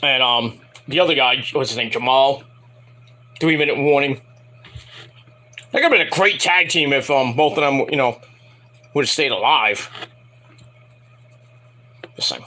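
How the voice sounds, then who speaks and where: A man's voice: medium pitch, a little slow, long pauses, bright, forceful tone. A man reviewing a wrestling show in a casual, profane, rambling and jokey solo commentary.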